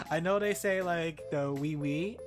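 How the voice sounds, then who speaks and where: An Australian woman talks casually with her stream chat, slightly low in pitch and quick to giggle. She jokes and plays up her complaints with mock drama. Music plays clearly behind her voice. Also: very animated.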